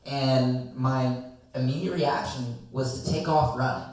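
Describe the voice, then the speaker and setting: A young man telling a long, rambling story to friends in a casual chat, animated and swearing freely. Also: mid-range voice, unhurried. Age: young adult. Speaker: guest storyteller. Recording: echoey room, distant mic.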